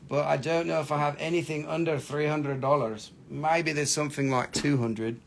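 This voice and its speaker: A man's voice: mid-range voice, unhurried, vocal fry. A man chatting casually on a home livestream while selling gems, rambling, swearing and laughing easily. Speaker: livestream gem seller. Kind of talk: casual live-selling chat.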